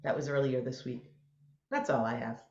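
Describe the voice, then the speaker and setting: A woman's voice: a bass voice, normal speed. A woman co-hosting a podcast as a mindset coach, telling stories in an enthusiastic, motivational way. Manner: enthusiastic, motivational, animated storytelling. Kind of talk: casual podcast chat. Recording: roomy, dull lo-fi sound.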